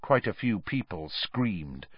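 Dude reading a story out loud, super expressive, dry close sound. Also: male voice, lowish voice, slow pace, slightly rough, dry recording, muffled recording. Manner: animated, dramatic reading. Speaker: audiobook narrator.

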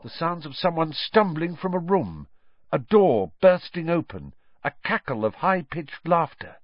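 A man narrating a fantasy story aloud with expressive, storytelling delivery, on a dull, dry recording. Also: fairly high pitch, measured pace, no room sound. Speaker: audiobook narrator. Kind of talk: scripted narration. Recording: dull, dry studio audiobook.

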